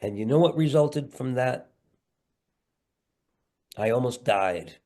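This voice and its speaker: Expressive and slow, his mid-range voice a little mellow, a middle-aged man who is a comedian and actor chats candidly as a podcast guest. He rambles in an earnest way with playful asides, connected by video call.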